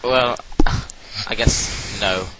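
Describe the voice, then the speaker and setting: A teenage boy from England chats on a podcast in a loose, hesitant way, full of "like". His voice is very low. Faint hiss runs under the recording. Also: very slow. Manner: laid-back, hesitant, full of "like". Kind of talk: casual chat.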